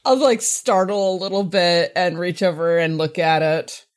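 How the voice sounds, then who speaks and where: A woman's voice: lowish voice, steady tone, normal speed. A woman in a tabletop role-playing game, casually narrating her character's actions with a rambling delivery. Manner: casual, rambling, with filler likes. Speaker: tabletop player.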